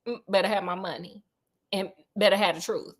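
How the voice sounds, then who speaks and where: A woman voicing a brash male detective who demands his money, in a sassy, slangy, drawn-out way. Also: mid-range voice, fairly even intonation, voice pushed down, close to an everyday voice. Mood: defiant.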